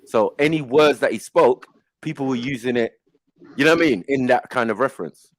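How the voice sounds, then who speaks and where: A man's voice: mid-range voice, a little fast, no room sound. A middle-aged man, telling stories in casual panel chat and acting out the voices he quotes. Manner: animated storytelling, acts out voices in quotes. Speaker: panel host.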